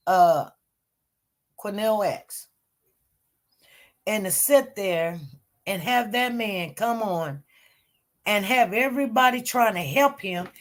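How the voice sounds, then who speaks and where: Woman, high voice, emphatic, repetitive, casual news commentary.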